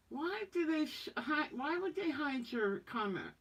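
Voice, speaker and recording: A woman's voice: high-pitched, sing-song, moderate pace, vocal fry, few pauses, fairly bright tone. A woman hosting a casual livestream, chatting folksily and reading viewer comments aloud. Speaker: livestream host reading chat. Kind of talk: casual live-stream chat.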